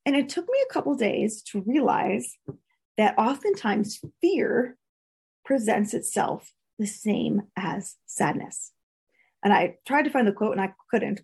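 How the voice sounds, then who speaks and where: A woman's voice: medium pitch, creaky, darkish tone, husky. A woman coaching listeners in a casual, earnest, candid talk, laughing often. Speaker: coach teaching a course.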